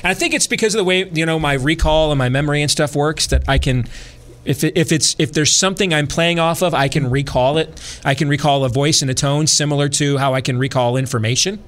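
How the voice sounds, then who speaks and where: A man's voice: a little high, quick pace, few pauses, fairly bright tone. A middle-aged man talks through politics on his show in a loose, rambling way. He hedges with fillers and restarts his sentences as he goes. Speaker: talk show host. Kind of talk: casual political talk radio.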